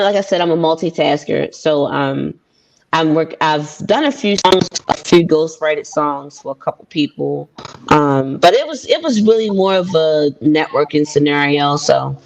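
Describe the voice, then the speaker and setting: A woman's voice: low-pitched, measured pace, a little hiss or hum, poor audio. A woman from Baltimore, a guest poet, talking casually with lots of ums and restarts over a video call. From Baltimore, USA. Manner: hesitant, many fillers. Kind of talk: casual interview chat.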